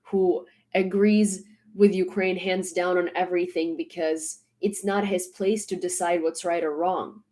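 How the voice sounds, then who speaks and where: A woman's voice: lowish voice, level tone, measured pace, few pauses, mellow. A woman delivering a blunt, exasperated vlog rant, hammering her points home by repeating them. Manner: emphatic, repeating points for stress. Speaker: social media commentator.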